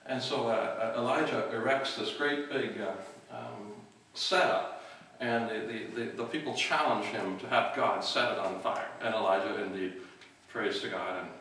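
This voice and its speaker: A middle-aged man, the outreach worker of a church, introduces the evening's speaker in a relaxed, halting talk full of fillers and restarts. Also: on the low side, slight background noise. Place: church hall. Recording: distant mic in an echoey hall.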